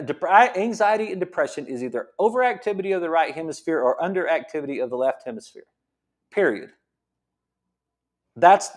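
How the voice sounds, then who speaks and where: A high-voiced man with a drawl talks health like a football coach. He gets worked up and hammers his points home by repeating them. He sounds like a chiropractor rallying his listeners. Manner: excited, repeats himself, uses football coaching comparisons. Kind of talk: fired-up motivational health talk. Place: his gym.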